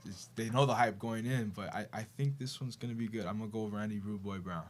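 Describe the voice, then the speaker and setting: A man's voice: fairly low pitch, steady tone, fast talker, slight background noise. A man co-hosting a casual sports show, laid-back and dropping "man" and "dude" often. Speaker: co-host.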